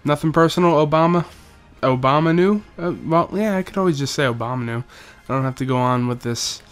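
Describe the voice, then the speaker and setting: A man's voice: fairly high pitch, a little fast, clean tone, faint music behind. A young man giving casual, joking commentary over a football video game, rambling through stats and doing mock play-by-play. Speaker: gaming YouTuber.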